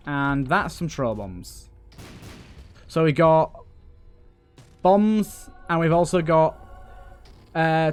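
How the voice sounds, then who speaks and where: A young man giving casual, joking commentary while he plays a video game, grumbling and swearing at it. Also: on the high side. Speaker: let's play gamer.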